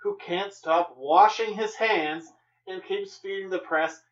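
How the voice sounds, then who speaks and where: A man's voice: sits high, slow pace, muffled recording. A young man co-hosting a comics podcast, chatting casually with dry, wry jokes. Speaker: podcast co-host.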